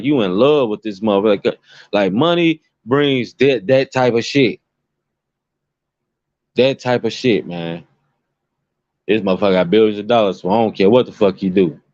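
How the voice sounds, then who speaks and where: A man's voice: medium pitch, darkish tone, no echo. A man giving rambling, profane commentary to his viewers, emphatic and repetitive. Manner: emphatic, repetitive, swears constantly. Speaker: commentary vlogger. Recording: dull lo-fi dry recording.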